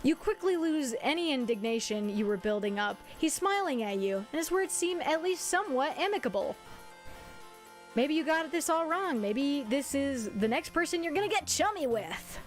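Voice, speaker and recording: A bubbly woman streamer with a high voice, chatting and narrating a game story aloud with quick, self-deprecating asides. Faint music plays underneath her. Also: big pitch swings.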